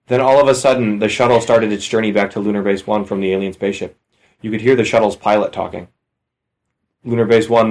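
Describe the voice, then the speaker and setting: Brief: low-pitched man, dry sarcastic co-host, comedic reading of a cheesy book. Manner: sarcastic, mocking interruptions.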